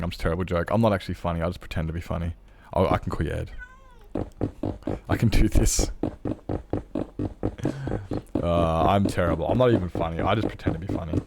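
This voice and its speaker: A man's voice: deep voice, quick pace, creaky, heavy background noise. An Australian man chatting casually while streaming a game, rambling and joking at his own expense. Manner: rambling, self-mocking, lots of restarts and laughs. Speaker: Minecraft streamer. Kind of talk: casual live-stream chat.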